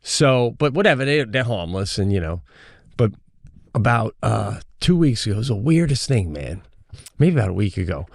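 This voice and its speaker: A middle-aged man co-hosting a podcast, telling a story in a casual, animated way, swearing freely and acting out the people in it. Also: fairly low pitch, normal speed, creaky, no room sound, clean studio sound. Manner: animated, profane, acts out the people in his stories. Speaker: podcast co-host.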